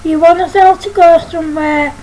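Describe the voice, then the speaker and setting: A woman's voice: very high-pitched, fairly even intonation, moderate pace, warm tone, slight background noise, poor audio. A woman voicing a sarcastic little monster who teases a friend in a storybook. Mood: teasing. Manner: teasing, sarcastic.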